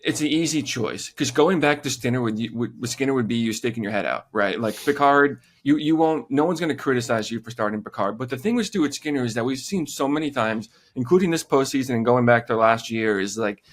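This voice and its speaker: Man, mid-pitch voice, podcast co-host, relaxed hockey chat. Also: fairly quick, few pauses. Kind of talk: casual sports chat.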